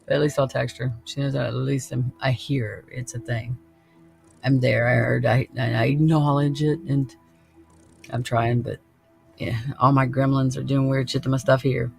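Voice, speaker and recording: A man's voice: mid-range voice, little pitch movement, normal speed, creaky, faint music behind. A man hosting a podcast in casual chat, laid-back and laughing often, swearing freely. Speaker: podcast host.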